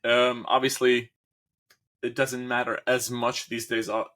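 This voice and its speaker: A man's voice: medium pitch, little pitch movement, a little slow, a bit bright. A man hosting a casual podcast, rambling and searching for words as he talks. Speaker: host.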